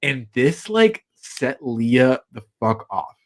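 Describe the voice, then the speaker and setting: A man's voice: medium pitch, takes it slowly. Gossipy young man recapping reality TV. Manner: animated, gossipy, acts out quotes with swearing. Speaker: podcast co-host. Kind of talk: casual chat recapping reality TV.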